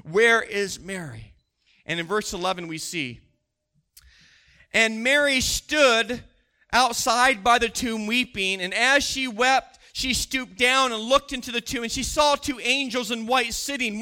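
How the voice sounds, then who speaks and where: A middle-aged man preaching a sermon who reads scripture aloud and retells it expressively, swinging between loud emphasis and hushed asides. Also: high voice. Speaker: pastor.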